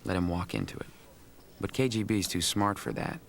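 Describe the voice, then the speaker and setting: A calm, calculating young poker player talks through his cards in a deep, gravelly voice. It comes from a film clip, with a faint hiss of noise underneath. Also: fairly quick, heavily acted. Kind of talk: film voice-over narration.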